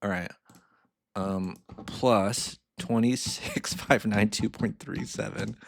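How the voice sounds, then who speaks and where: A man's voice: on the low side, fairly even intonation, takes it slowly, vocal fry, a little hiss or hum. A man in a casual walkthrough of loan calculations, rambling and chuckling at himself as he goes. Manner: rambling, self-amused, chuckles often. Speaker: finance mentor. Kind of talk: casual screen-share walkthrough.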